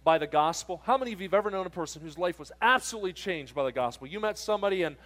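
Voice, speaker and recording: A man's voice: high-pitched, lively intonation, very fast, a bit bright. Joking, firm camp preacher man. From southern New Jersey. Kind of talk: sermon to teens.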